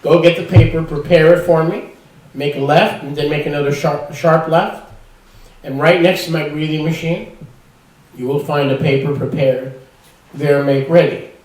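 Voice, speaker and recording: Folksy preacher in an echoey hall. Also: male voice, a little high, steady tone, a little mellow. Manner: folksy, joking, pauses for the interpreter. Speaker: pastor. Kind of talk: sermon with live interpretation. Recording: echoey hall, mic far off.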